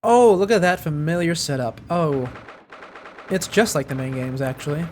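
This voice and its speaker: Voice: mid-range voice, lively intonation, normal speed, darkish tone, slight background noise. A streamer chatting and musing while playing a story game live, self-deprecating. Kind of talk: live game playthrough commentary.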